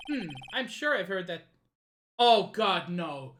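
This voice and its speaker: A woman's voice: mid-range voice, sing-song, slow, a bit bright. A woman from Africa, playfully reading game dialogue aloud with joking asides. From South Africa. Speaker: game streamer. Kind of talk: playing and voicing a game live. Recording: game music underneath.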